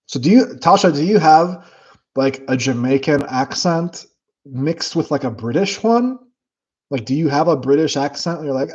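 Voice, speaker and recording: A man hosting his own livestream, chatting casually with viewers in a blunt, profane and animated way. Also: medium pitch, normal speed, husky, muffled recording. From United States. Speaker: livestream host. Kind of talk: casual livestream chat reading comments.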